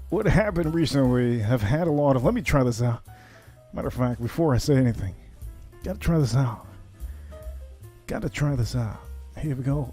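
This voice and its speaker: Animated, chatty man hosting a drinks stream. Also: mid-range voice, breathy edge. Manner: chatty, rambling, animated asides. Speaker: livestream whiskey cocktail host. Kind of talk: casual livestream chat.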